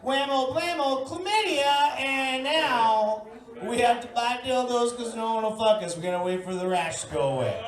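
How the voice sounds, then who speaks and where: A woman works a bar crowd with a brash, profane stand-up bit, building each story up to loud punchlines. Her voice sits a touch high. She is caught from a distance in a roomy, echoing bar. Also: moderate pace. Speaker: stand-up comedian and emcee. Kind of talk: stand-up comedy set. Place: bar comedy night, indoors. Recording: echoey bar room from far off. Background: audience laughter.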